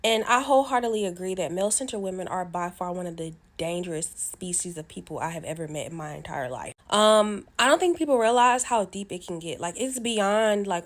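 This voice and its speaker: A woman's voice: lowish voice, expressive, brisk, few pauses. A woman speaks casually to the camera, sharing her view of a topic. She leans on her points with emphatic, over-the-top examples. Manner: emphatic, exaggerating.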